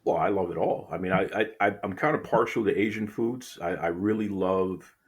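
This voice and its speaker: A man's voice: deep voice, moderate pace, slightly rough. A man from Boston hosting a casual interview, teasing his guest playfully and often repeating words as he starts a sentence. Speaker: podcast host.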